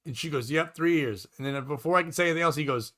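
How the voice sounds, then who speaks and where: A man telling a rambling comedy-club story with a bright, forceful edge to his voice. His pitch sits a little high for a man. He jumps into quoted voices as he goes. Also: rapid-fire. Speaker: comedian and podcast host. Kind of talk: casual storytelling chat.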